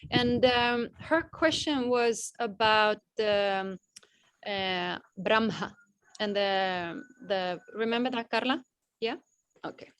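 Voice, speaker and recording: Slow hesitant woman leading an online class. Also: mid-range voice, a bit bright, no echo. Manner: hesitant, many fillers and restarts. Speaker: class organizer. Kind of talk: casual online class talk.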